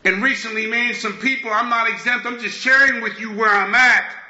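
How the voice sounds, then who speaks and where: A man's voice: very high voice, fairly even intonation, normal speed, sharp tone. A man giving a candid, emphatic personal share at a recovery meeting, often throwing in "man" and "listen". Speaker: speaker sharing at a recovery meeting. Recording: dull lo-fi echoey room.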